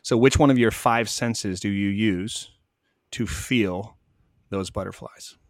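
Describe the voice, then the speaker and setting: A man calmly telling stories in an interview, acting out both sides of each conversation. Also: fairly low pitch, takes it slowly, dry recording, studio quality. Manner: animated, acts out both sides of dialogue. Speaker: guest, spiritual medium. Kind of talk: conversational storytelling.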